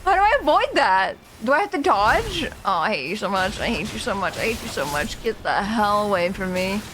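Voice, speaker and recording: A woman streaming a game, chatting casually, humming to herself and yelling at enemies. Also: mid-range voice, very animated, a little fast, faint music behind. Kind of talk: casual gameplay commentary.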